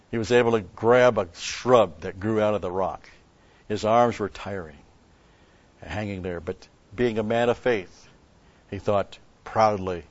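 A man's voice: on the low side, no echo, muffled recording. A man preaching a sermon, telling a story and asking rhetorical questions with an occasional chuckle.

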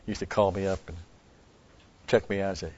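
A man's voice: low-pitched, steady tone, fast, a little mellow, no room sound. A man giving a rambling Bible teaching, stressing key words and restarting his sentences. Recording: dull lo-fi recording.

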